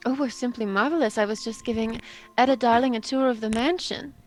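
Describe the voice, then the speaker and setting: A woman's voice: a little high, brisk, soft background music, natural voice. Brief: vain, spiteful socialite, all sweetness, played by a woman at the table. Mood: gushing. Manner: gushing and theatrical. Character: vain, gloating society hostess.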